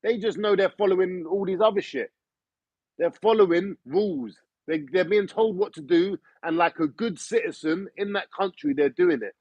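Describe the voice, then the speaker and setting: A man's voice: high-pitched, normal speed, darkish tone, dry recording. A man ranting in an opinionated monologue, swearing and firing off rhetorical questions. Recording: dull lo-fi recording.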